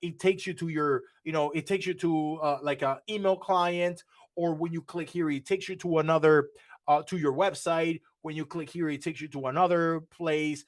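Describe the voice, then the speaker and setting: A man leading an online workshop, explaining a live coding demo step by step and often restarting his phrases. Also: a little high. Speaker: workshop instructor.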